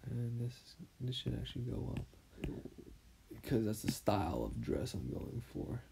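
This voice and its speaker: A man giving soft-spoken commentary while he draws, half-whispering and musing aloud as he works. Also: mid-range voice, big pitch swings, normal speed, vocal fry, slight background noise. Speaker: artist. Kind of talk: drawing commentary.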